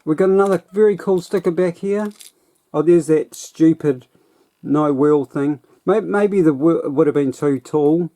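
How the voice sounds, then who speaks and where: A man's voice: fairly high pitch, unhurried, mellow. A man casually reviewing a toy set in a rambling, self-deprecating way.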